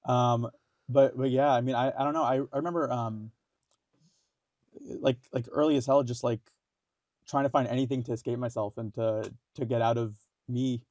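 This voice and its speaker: A young man from India, a podcast guest telling his story in halting casual talk, full of fillers, restarts and swearing. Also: medium pitch, steady tone, darkish tone, dry recording, highs cut off.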